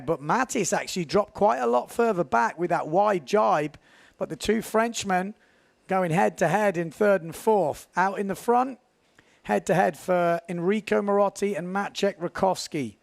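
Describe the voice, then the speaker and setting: A man giving live, chatty commentary on a windsurf race, building excitement at key moments. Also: high voice, moderate pace, vocal fry, no room sound.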